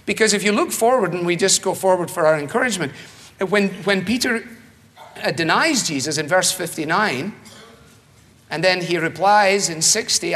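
A man preaching a sermon in a rhetorical, animated manner, acting out the voices he quotes. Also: sits high, moderate pace, big-room sound.

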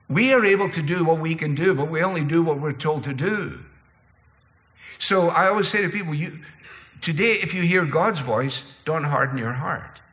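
A man preaching a sermon, shifting between slow, low passages and quicker, higher ones. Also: fairly bright tone, long reverb tail. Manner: preaching with sweeping pitch and pace changes. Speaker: pastor.

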